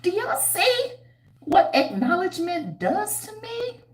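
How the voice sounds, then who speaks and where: Animated, blunt woman livestream host. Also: very high voice, takes it slowly, echoey room. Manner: animated and preachy, with frequent squeals and laughs; blunt, slangy and teasing. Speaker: livestream host and hair care entrepreneur. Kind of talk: casual livestream chat, reading viewer comments.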